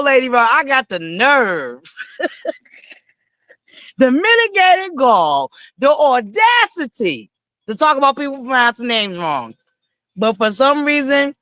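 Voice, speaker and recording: A man hosting a live reality-TV review stream, talking in an animated, sassy way with frequent swearing and digressions. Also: high-pitched, no room sound. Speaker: livestream host reviewing reality TV. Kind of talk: casual livestream commentary.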